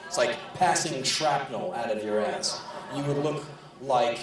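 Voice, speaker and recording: A man's voice: medium pitch, animated, unhurried, crowd noise. A man performing a profane, sardonic spoken word story on stage. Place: large live venue. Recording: echoey live hall, distant, audience laughing.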